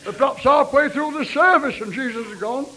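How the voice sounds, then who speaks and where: A man's voice: extremely high pitch, a little fast, bright, forceful tone, poor audio. A man preaching a fervent revivalist sermon, repeating his refrain and breaking into tongues.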